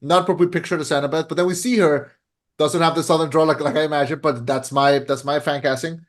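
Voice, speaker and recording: Keeping a steady tone, a young man with a slightly high voice hosts a podcast in a relaxed, casual chat. His talk wanders, each gap filled with "uh" or "like," and he keeps tripping over restarts.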